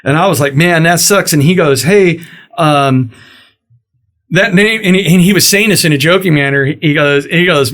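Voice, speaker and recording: Animated storytelling man, fairly high voice. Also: normal speed. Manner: animated storyteller, acts out quoted dialogue. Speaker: podcast host. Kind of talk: casual storytelling interview.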